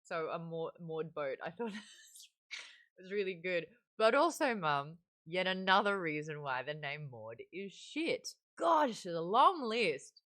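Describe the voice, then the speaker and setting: An Australian woman hosts a live-stream book club, chatting casually and reading viewer comments aloud into a desk microphone set beside a webcam. Her lowish voice has a fairly bright, sing-song quality, and she takes things slowly.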